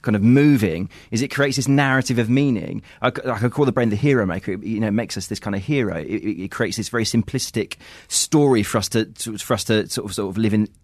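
A man's voice: fairly low pitch, fast talker, hardly any pauses, no echo, clean studio sound. A man who is an author guest in an interview, telling stories with animation, laughing often and repeating words as he goes. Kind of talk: casual conversational interview.

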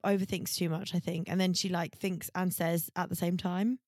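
A woman's voice: on the low side, level tone, moderate pace, a little mellow. A woman co-hosting a podcast, chatting candidly with swearing and fond asides. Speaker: podcast co-host. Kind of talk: casual chat.

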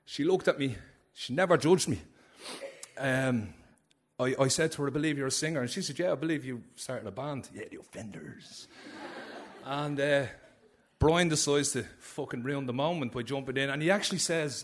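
A man with a Dublin accent telling a personal story on stage at a live story slam, animated and frank, swearing freely. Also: on the high side, a little fast, some chatter behind.

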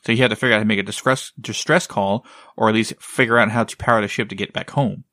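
A man's voice: fairly low pitch, fairly even intonation, fast, sharp tone, dry recording. A man chatting casually as a podcast co-host, rambling, leaning on "like" and "right?", and swearing now and then. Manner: rambling, heavy use of "like" and "right?". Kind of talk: casual chat.

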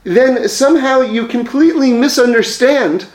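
A man's voice: very high voice, moderate pace, reverberant. A man telling religious teaching stories in a conversational way, with frequent fillers and self-corrections. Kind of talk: storytelling religious lesson.

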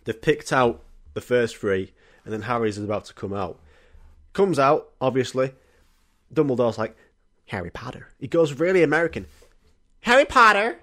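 A man's voice: medium pitch, moderate pace. A young man, hosting a solo comedy podcast in a rambling, jokey, sweary way. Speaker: podcast host.

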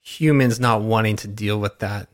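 A man co-hosting a casual film podcast, relaxed and mostly answering in short agreeing replies. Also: fairly low pitch, normal speed. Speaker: podcast co-host.

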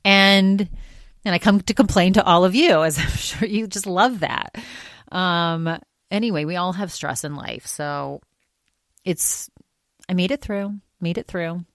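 A woman's voice: on the low side, measured pace, no room sound, studio quality. Rambling woman venting on her podcast. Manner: rambling, filler-heavy and exasperated. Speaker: podcast host. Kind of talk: casual solo podcast monologue.

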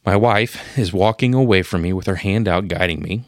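A man in his thirties telling a personal story on a podcast, emotional and profane, marking each scene change with a sudden boom. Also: normal speed, dry recording, clean studio sound. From Pennsylvania. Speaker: podcast co-host. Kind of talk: casual storytelling.

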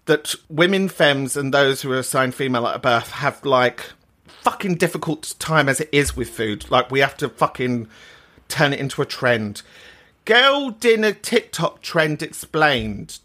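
A woman's voice: a bass voice, unhurried. A woman hosting a podcast, ranting with outrage and plenty of swearing in a casual chat. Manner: animated, sweary, outraged rant. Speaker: podcast host.

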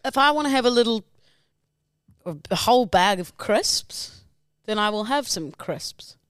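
An Australian woman in her late twenties co-hosting a podcast, playful and animated in casual banter. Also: a little high, a little slow, clear, resonant tone, no room sound, clean studio sound. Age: 20s. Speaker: podcast co-host.

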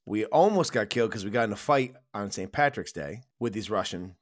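A man's voice: lowish voice, animated, a little fast. Profane ranting American man. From United States. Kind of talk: casual film-review chat.

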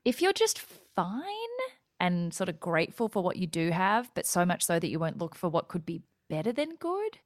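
Brief: talkative Australian woman guest, thirties, low-ish voice, dry close sound. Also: big pitch swings, normal speed, no echo. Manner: talkative, goes off on tangents. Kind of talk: casual interview chat.

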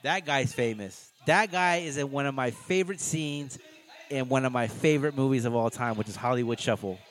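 Chill dude on a podcast, laughs a lot, easygoing chat. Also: male voice, mid-range voice, a little fast, a bit bright. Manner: laid-back, laughs often, acts out quotes. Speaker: podcast co-host. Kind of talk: casual reaction chat.

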